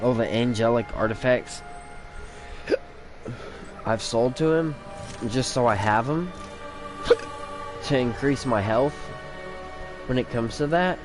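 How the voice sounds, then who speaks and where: Slow-talking man with the hiccups. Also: mid-range voice. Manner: rambling and thinking aloud, with restarts. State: has the hiccups. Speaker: gamer commentating his own play. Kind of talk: casual gameplay commentary. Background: game music.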